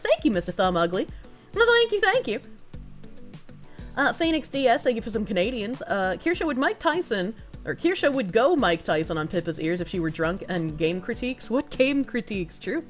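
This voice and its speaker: A woman streamer chatting casually with her viewers, thanking donors and swearing freely between quick laughs. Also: medium pitch. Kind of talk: casual livestream chat, reading donations.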